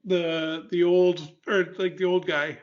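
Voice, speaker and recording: A man with a notably high voice pitches an idea in a casual chat. He is jokey and excited and laughs through his words. The recording sounds dull and lo-fi. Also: slow. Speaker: podcast panelist.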